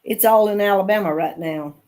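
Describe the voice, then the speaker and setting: An older woman co-hosts a homey live stream, her voice at a middle pitch. She chats plainly, tells little family stories and reads the weather map aloud. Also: a little fast, darkish tone, rough recording. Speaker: co-host. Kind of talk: casual live stream chat.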